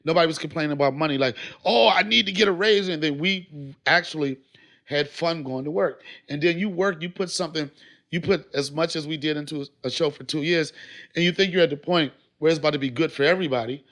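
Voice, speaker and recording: A man telling stories in a casual podcast chat, animated and swearing freely. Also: fairly high pitch, quick pace. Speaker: podcast guest, former TV sketch actor.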